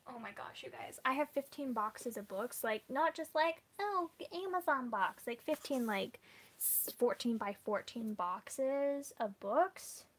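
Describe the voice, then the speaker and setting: Chatty woman with a higher husky voice. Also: expressive, a little slow, a bit bright. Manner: chatty, many "like" fillers, often laughing. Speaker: book vlogger. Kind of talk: casual live chat with viewers.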